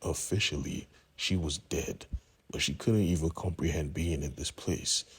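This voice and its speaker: A man's voice: extremely low pitch, measured pace, breathy edge. A man casually retelling a comic story, conversational, with asides to the listener. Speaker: comic recap narrator.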